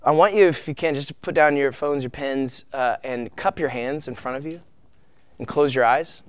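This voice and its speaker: A man in his thirties preaching a sermon, earnest and emotional, tearful at times, with soft trailing asides. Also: medium pitch, normal speed, clear, resonant tone, dry recording. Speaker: pastor.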